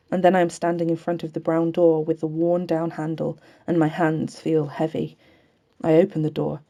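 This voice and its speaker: A woman reads a novel aloud in a steady, earnest first-person voice. Her tone sits low and mellow. The delivery stays even and unhurried. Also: vocal fry. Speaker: audiobook reader.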